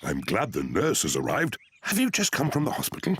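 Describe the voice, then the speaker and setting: An actor playing a cheerful, easygoing cartoon daddy pig with a jolly, chuckling delivery. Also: male voice, mid-range voice, huge pitch swings, fairly quick, fairly bright tone, slightly rough, heavily acted.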